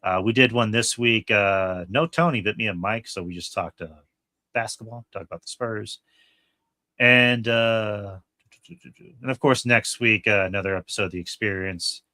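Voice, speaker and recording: Male podcast host, lowish voice, dry close mic, loose and rambling. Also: normal speed, sharp tone, no echo. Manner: rambling, many fillers and restarts. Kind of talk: casual podcast chat.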